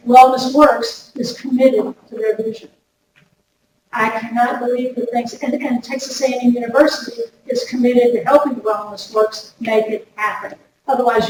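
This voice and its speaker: A woman giving a lively workshop talk to an audience, chatty and direct, often repeating her words. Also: fairly high pitch. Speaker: workshop speaker. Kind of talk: lively workplace wellness talk. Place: large room before an audience. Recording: echoey hall recorded from far off with noise.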